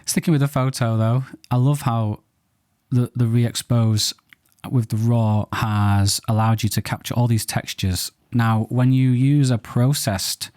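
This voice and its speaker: A man's voice: medium pitch, darkish tone, no echo, clean studio sound. A man hosting a photo reaction show, chatting casually and thinking aloud with playful banter. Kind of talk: casual commentary on viewer photos.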